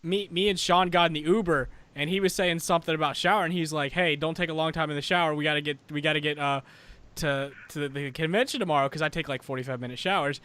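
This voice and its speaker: A male podcast host with a bright, forceful tone recorded in a dry, close space. His manner is laid-back and chatty, and he tells stories with easy laughter. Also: a little high, fairly even intonation, fast, clear, resonant tone, dry recording. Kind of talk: casual interview chat.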